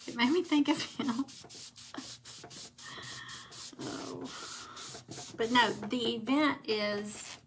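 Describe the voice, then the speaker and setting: Against a noisy background, a Southern US woman in middle age chats while crafting live, drawing out words and pausing often in a rather high voice. She rambles casually and welcomes viewers by name.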